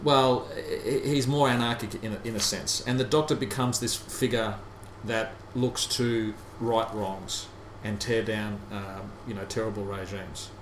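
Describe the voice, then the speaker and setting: A man's voice: lowish voice, steady tone. Reflective man musing on a podcast. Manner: reflective, musing, halting restarts. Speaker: podcast co-host. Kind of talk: casual discussion. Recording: roomy sound with faint background hiss.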